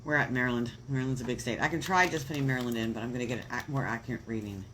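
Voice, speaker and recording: An emotional, chatty woman gives astrology readings on a home live stream. She talks in loose, warm phrases full of fillers and stops to tell her viewers she loves them. A faint noise runs under the phone or webcam recording. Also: rumbling low, racing. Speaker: astrology reader on a livestream.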